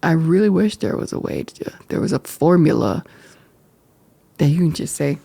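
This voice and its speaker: A woman talks openly to the camera as the host of her own podcast, emotional and reflective, sometimes halting. Her voice is mellow and gravelly, with a low rasp. The sound is dry and close, with no room echo. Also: expressive. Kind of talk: candid personal talk to camera. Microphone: camera framing.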